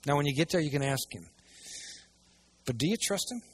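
A man preaching a sermon to a church audience, swinging between hushed asides and loud, emphatic passages. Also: on the high side, lively intonation, brisk, breathy edge. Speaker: pastor.

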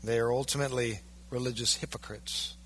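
A male pastor preaching a sermon, emphatic, swinging from loud, stressed peaks down to low, quiet lines. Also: fairly even intonation, a little fast, slight background noise.

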